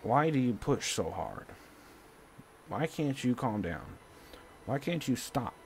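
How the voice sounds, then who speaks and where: A man streaming, ranting angrily into the camera. His pitch jumps all over as he swings from loud bursts to low muttering, swearing as he goes, with a faint hiss under the recording. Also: sing-song, slow pace.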